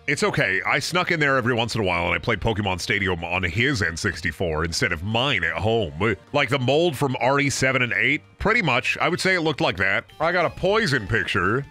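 Young male streamer, lively swinging pitch, bright tone; brash game commentary, lots of swearing. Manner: loud, swearing, jumps into silly voices. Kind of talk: casual gameplay commentary.

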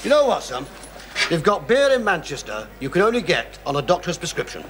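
A man's voice: fairly high pitch, huge pitch swings, a little fast. An actor playing a boastful, joking middle-aged man, in a sitcom. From England. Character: brash English man, boozy and boastful. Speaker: English newcomer in a pub. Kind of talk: 1970s sitcom acting. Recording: noisy old TV soundtrack.

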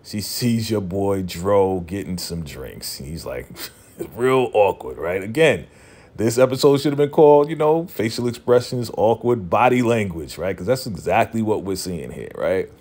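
Low-voiced man animatedly recapping a show. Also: a little slow. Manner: animated retelling, acts out quoted lines, laughs often; loose slangy speech with fillers like "you know" and "right". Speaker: TV recap vlogger. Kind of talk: casual TV episode recap.

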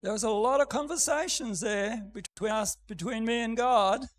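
An older man preaching a sermon in a church, speaking gently at first and building to an emphatic scripture reading. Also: extremely high pitch, moderate pace, poor audio.

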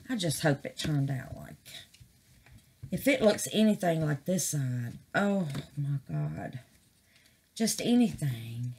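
A woman, chatting casually to camera as a crafting vlogger, excited and full of exclamations, calling her viewers "babies". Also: lowish voice, slight background noise.

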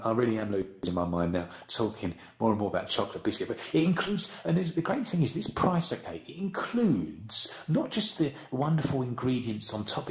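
British guy rambling through a relaxed english lesson, low gravelly voice, echoey room. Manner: chatty, rambling, self-deprecating. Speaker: English teacher. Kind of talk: casual live lesson in virtual reality.

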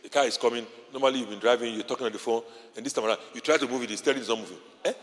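A man preaching a sermon as pastor, telling stories with sudden shouts and laughter. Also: medium pitch, steady tone, very fast. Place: large church hall. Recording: long hall reverb.

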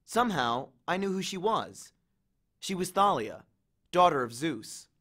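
A man narrating a novel in the first person in a measured, expressive storytelling manner. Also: high voice. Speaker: audiobook reader.

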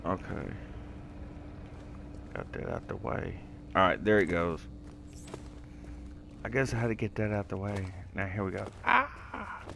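A man's voice: low voice, a little slow, creaky, pauses often, a bit bright, a little hiss or hum. A man giving rambling, casual commentary as he plays a game and talks to himself. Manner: rambling, self-talking, easily confused. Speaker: gameplay video creator. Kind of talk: casual let's play commentary.

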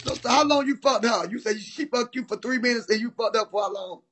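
High-voiced teasing male host. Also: fast talker, fairly bright tone, breathy edge. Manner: teasing, mock-concerned. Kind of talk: casual chat.

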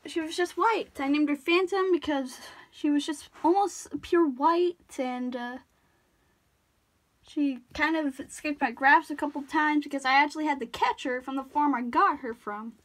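A woman's voice: high-pitched, normal speed, fairly bright tone. A woman chatting casually while she draws, rambling off-topic, apologizing and cutting herself off. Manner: rambling, self-interrupting, apologetic. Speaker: drawing tutorial vlogger.

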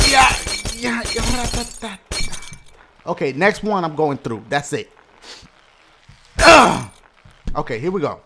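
A young man giving loud, hyper gameplay commentary, swearing and shouting often. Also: high-pitched, noisy background. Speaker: gaming YouTuber.

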